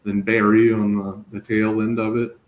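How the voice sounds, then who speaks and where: A man in his thirties co-hosting a podcast, talking sports in a relaxed, reflective way with trailing-off phrases. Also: on the low side, moderate pace. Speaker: podcast co-host. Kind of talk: casual sports chat. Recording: echoey room.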